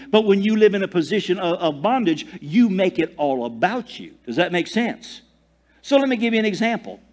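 A man preaching a sermon in a fairly high voice. He swings from loud declarations to hushed near-whispers and breaks in with jokes. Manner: tells jokes and laughs at himself. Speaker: pastor.

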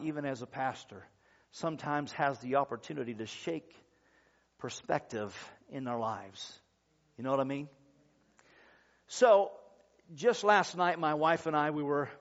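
A man preaching a sermon as pastor, telling a story in an earnest, measured way with drawn-out pauses. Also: fairly high pitch. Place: church service. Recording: dull lo-fi sermon recording.

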